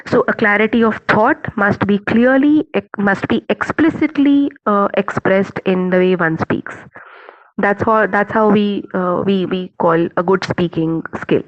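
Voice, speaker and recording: A woman with an Indian accent giving an online teacher-training talk, measured and earnest, with many fillers and restarts. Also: medium pitch, no room sound. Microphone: video call. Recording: dull lo-fi call audio.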